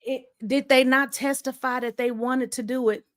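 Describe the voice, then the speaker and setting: A woman's voice: high voice, normal speed. Breathless chatty woman. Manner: excitable, chatty, addresses viewers as y'all. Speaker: livestream host. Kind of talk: casual live chat.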